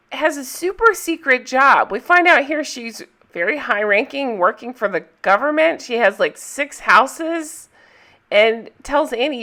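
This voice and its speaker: A woman's voice: on the high side, sharp tone. A woman casually recapping a film scene by scene in a chatty, enthusiastic way, laughing easily as she goes. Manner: chatty, giggly, enthusiastic retelling. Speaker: movie recap host.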